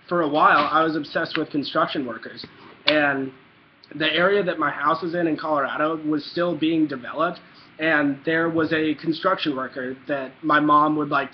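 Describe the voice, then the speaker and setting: A young man telling a rambling childhood story in a casual vlog, full of fillers and restarts. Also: on the high side. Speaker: vlogger. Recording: dull lo-fi with faint hiss.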